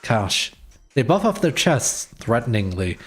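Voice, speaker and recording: A man's voice: mid-range voice, animated, moderate pace. Man reading a game aloud. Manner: playful, reads all characters. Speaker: streamer. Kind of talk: reading a visual novel aloud.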